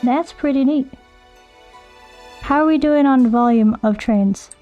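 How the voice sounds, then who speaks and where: A woman's voice: high-pitched, a little slow, warm tone, highs cut off, soft background music. A young American woman chatting casually with her live-stream viewers, bubbly and self-mocking. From United States.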